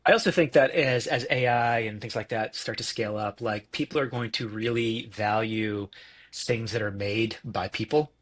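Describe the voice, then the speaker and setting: A man's voice: on the low side, steady tone, moderate pace. A man co-hosting a podcast, thinking aloud in a casual, hesitant way with frequent ums. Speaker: podcast co-host and business partner. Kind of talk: casual business chat.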